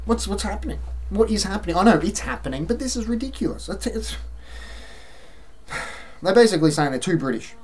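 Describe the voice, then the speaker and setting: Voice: medium pitch, lively intonation, fairly quick, pauses often, a little hiss or hum. An Australian-accented vlogger delivering an exasperated, sarcastic opinion rant to camera, with mocking asides.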